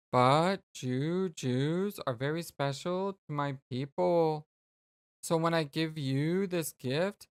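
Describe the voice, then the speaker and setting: A player voicing a slow, formal alien girl. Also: medium pitch, clear, resonant tone, dry recording, lightly acted. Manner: slow, formal, careful speech. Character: gentle polite young alien girl. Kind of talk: reading game dialogue aloud.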